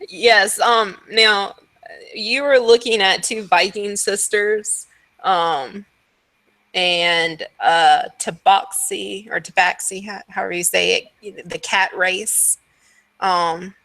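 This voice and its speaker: A woman narrating as dungeon master in a tabletop game, laughing often and filling pauses with "um". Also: mid-range voice, fairly even intonation, bright, forceful tone, no room sound. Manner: laughs often, hesitant with fillers.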